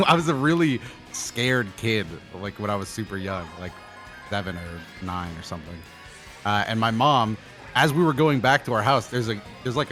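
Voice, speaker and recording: Bright-voiced young man telling stories. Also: fairly low pitch. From Florida. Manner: laughing storyteller who swears freely. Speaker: guest player on a stream. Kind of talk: casual chat while gaming.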